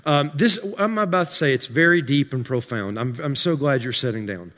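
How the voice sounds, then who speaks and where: A pastor preaching a sermon to his congregation, building to shouted peaks and dropping into dry, sarcastic asides. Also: mid-range voice, brisk, few pauses. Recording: live sermon in a reverberant hall.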